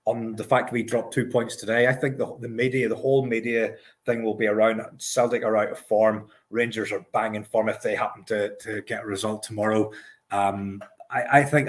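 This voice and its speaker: A Scottish man co-hosting a football podcast, talking casually, often stumbling and repeating words as he starts a thought. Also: fairly low pitch. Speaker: podcast co-host.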